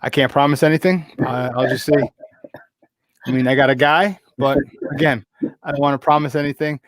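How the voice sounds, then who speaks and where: A young man hosting a casual sports talk show, joking and laughing a lot as he tells stories and acts out high-voiced quotes. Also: fairly even intonation, fairly quick, no room sound. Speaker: radio sports talk host. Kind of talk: casual chat.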